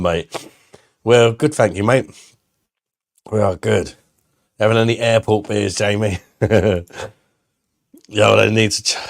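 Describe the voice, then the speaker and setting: On a live stream, a beer reviewer with a fairly low-pitched voice chats casually, blunt and full of swearing, laughing often as he reads chat messages aloud. The sound is clean studio quality with no room sound.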